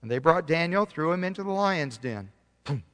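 A man's voice: a little high, animated, normal speed. Man preaching in a reverberant hall. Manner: reads scripture aloud, swings between loud emphatic and quiet; loses his place and corrects himself. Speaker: pastor. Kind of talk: sermon.

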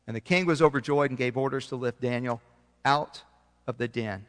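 A man preaching a sermon, reading scripture aloud and swinging between loud emphasis and quiet passages, sometimes losing his place and correcting himself. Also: medium pitch, normal speed, big-room sound. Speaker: pastor.

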